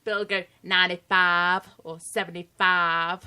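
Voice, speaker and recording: A woman's voice: fairly low pitch, level tone, measured pace, sharp tone, clear, resonant tone. A British woman co-hosting a casual chat, playful and teasing. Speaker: co-host.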